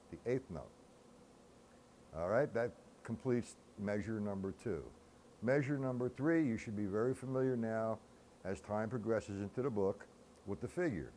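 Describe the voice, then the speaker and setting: A man's voice: lowish voice, moderate pace, noisy background. A man teaching a drum-reading lesson, patient and methodical, counting beats aloud step by step. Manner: casual with fillers, clears throat. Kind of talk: music lesson.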